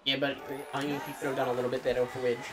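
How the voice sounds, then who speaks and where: A man's voice: mid-range voice, little pitch movement, rapid-fire, a little hiss or hum. A young man co-hosting a gaming video, explaining his shots in casual banter and laughing often. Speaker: gaming channel co-host.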